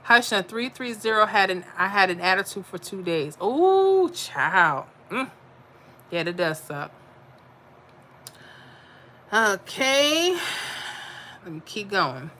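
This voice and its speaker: Woman host, chatty, bright tone, answers chat on her live stream. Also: mid-range voice, animated, slow, pauses often, a little hiss or hum. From Florida. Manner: chatty, reads viewer comments aloud and answers them. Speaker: livestream host reading chat. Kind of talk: casual livestream chat.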